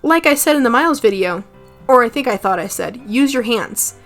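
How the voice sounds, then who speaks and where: A woman's voice: fairly high pitch, lively intonation, brisk, fairly bright tone, faint music behind. A woman giving casual video commentary, chatty, with asides and swearing. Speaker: video essayist.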